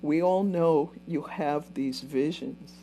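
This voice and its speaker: Woman playing a stern old man boss, quiet and slow, scolding. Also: low-pitched, a little hiss or hum, poor audio. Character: elderly male boss, stern and weary.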